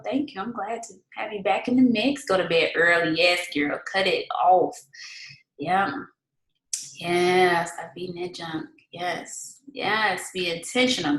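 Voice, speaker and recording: A woman's voice: fairly low pitch, a bit bright. A woman hosting a motivational livestream, reading viewers' comments aloud, cheering them on and leading a prayer. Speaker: livestream host. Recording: roomy echo.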